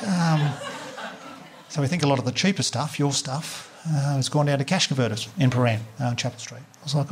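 An Australian man in his thirties doing a stand-up comedy set, telling a story quickly and acting out the dialogue. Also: medium pitch. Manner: fast storytelling with acted-out dialogue. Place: live comedy venue before an audience.

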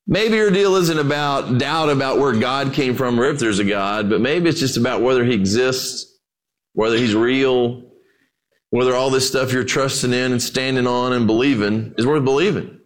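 A man's voice: medium pitch, moderate pace. A man preaching as pastor, telling stories in a conversational way and addressing listeners as "guys.". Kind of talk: sermon storytelling.

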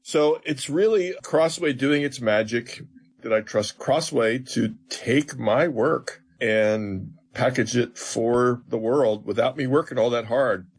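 A man's voice: medium pitch, slow, husky. A man, a seminary professor, explaining scripture as an interview guest in an earnest, teacherly way with emphatic retellings.

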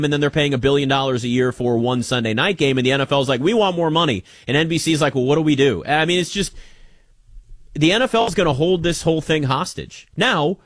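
A man's voice: a little high, no room sound, clean studio sound. A man hosting a sports talk show, giving casual, emphatic commentary and often restarting his sentences. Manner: emphatic, conversational, with frequent restarts.

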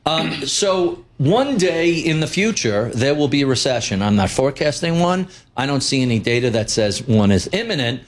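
A man's voice: medium pitch, big pitch swings, normal speed, hardly any pauses, a little hiss or hum. A man speaking as a guest on a live financial show, blunt and opinionated with wry asides. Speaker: guest investment commentator. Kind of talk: live financial talk interview.

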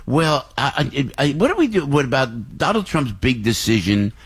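A man hosting a talk radio show, reading live ads and interviewing guests in an excitable, rambling way in a studio. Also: mid-range voice, moderate pace, slightly rough. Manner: excitable, rambling, laughs through reads. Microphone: studio microphone.

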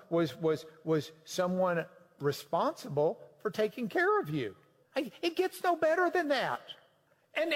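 A man preaching a sermon to a class, swinging between loud emphatic lines and quiet low ones. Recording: long hall reverb.

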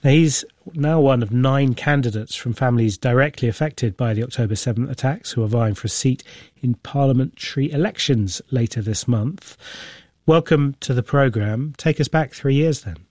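A man presenting a radio news programme, introducing a guest and asking questions in a measured, formal way. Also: medium pitch, darkish tone, no echo, clean studio sound. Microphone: studio mic.

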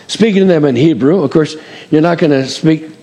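This middle-aged pastor has a fairly high, mellow voice and moves fairly quickly through a folksy, conversational sermon packed with asides and fillers. A long reverb carries his words, as though he's in a large hall.

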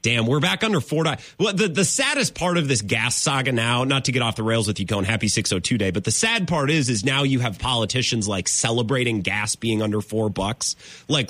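A man's voice: medium pitch, expressive, a little fast, fairly bright tone, no room sound. A man hosting a sports talk radio show, ranting emphatically with mock exasperation. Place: radio studio.

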